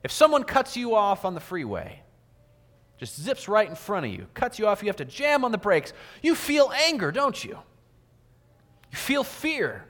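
A man's voice: high-pitched, wildly swooping pitch, normal speed, fairly bright tone. A man giving a sermon in a church, acting out little everyday scenes with quoted voices. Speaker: preacher. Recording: long hall reverb.

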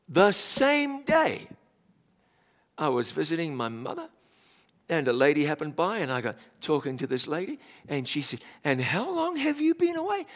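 Kiwi pastor guy, 40s, chatty and joking at himself, big church reverb. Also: on the high side. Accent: New Zealand, slightly Americanized. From New Zealand. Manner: chatty, self-deprecating, with laughs. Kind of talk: sermon. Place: church hall.

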